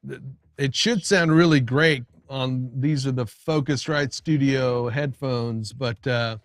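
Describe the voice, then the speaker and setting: A man's voice: medium pitch, steady tone, slow, no room sound. A man hosting a casual livestream, chatting loosely with viewers while he tweaks his audio setup, often restarting his sentences. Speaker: livestream host. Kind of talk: casual live-stream chat.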